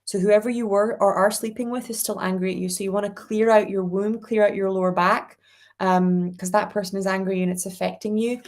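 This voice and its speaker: A woman hosting a live spiritual reading, gently reassuring viewers and reading out their comments. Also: medium pitch, fairly even intonation, a little fast. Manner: reads viewer comments aloud. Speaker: angel reading host.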